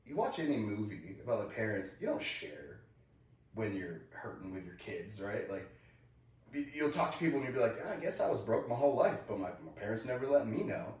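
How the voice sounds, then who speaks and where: A man's voice: lowish voice, big pitch swings, brisk, a little mellow. A man in his thirties co-hosting a podcast, telling candid personal stories in a casual chat and acting out the dialogue. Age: 30s. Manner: candid storyteller, acts out dialogue. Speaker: podcast co-host. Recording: echoey room, far from the mic.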